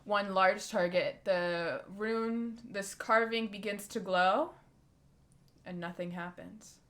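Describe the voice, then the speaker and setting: Bright-voiced woman dungeon master. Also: medium pitch, fairly even intonation, slow. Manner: descriptive, rambling, lots of likes and ums. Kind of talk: narrating a tabletop game.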